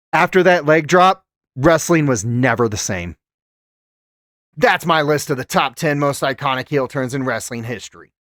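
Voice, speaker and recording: Guy narrating a countdown video, kinda high voice, dramatic, super dry close sound. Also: fairly bright tone, dry recording. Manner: dramatic storytelling delivery. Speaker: channel host.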